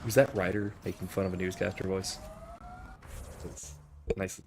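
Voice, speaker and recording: Man, lowish voice, musing gameplay commentary with fillers, game audio underneath. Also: little pitch movement, normal speed, noisy background. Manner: musing, thinking aloud with many fillers. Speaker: philosophy professor hosting a game playthrough. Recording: game sound over the voice. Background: video game audio.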